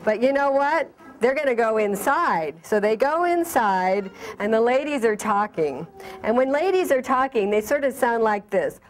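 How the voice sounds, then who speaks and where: A woman leads a children's storytime, reading aloud and pausing to quiz her young listeners. Her voice sits a little high and stays animated throughout. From El Paso, Texas. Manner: animated, asks children questions. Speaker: library director reading at storytime.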